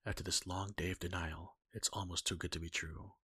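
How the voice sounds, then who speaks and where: A man reading a second-person fan-fiction story aloud in a husky, breathy, intimate voice. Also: sits low, level tone, a little fast, bright, forceful tone, no echo.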